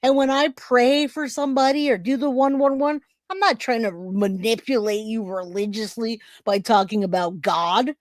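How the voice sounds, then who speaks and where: A woman's voice: fairly high pitch, moderate pace, few pauses, dry recording, clean studio sound. A woman giving emotional, blunt reaction commentary to her viewers, swearing casually as she talks. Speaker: online commentator.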